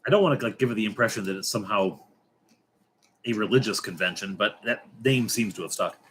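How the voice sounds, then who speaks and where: A middle-aged man hosting a casual late-night livestream, rambling and halting with many fillers and restarts, dropping wry, joking asides. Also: lowish voice, fairly bright tone, slight background noise. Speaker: livestream host.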